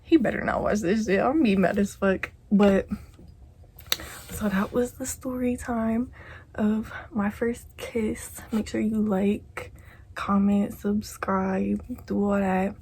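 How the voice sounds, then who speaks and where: Slow, gravelly young woman vlogger. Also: mid-range voice, steady tone. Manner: slangy, swears a lot, heavy use of "like"; drops into soft whispers at times. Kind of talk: casual storytime.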